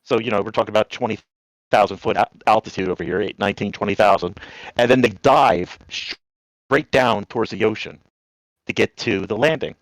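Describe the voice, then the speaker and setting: A man's voice: fairly low pitch, fairly quick, no echo, rough recording. A man from New Jersey calling in, telling rambling stories in a casual way and acting out the voices in them. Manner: rambling, animated, acts out voices in anecdotes. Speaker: caller. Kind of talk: casual storytelling on a call.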